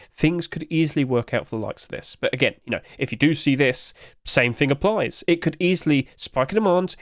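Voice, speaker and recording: A man's voice: fairly high pitch, dry recording, studio quality. A young man giving casual commentary on video game skins, chatty and often asking his viewers questions. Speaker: video game skin reviewer.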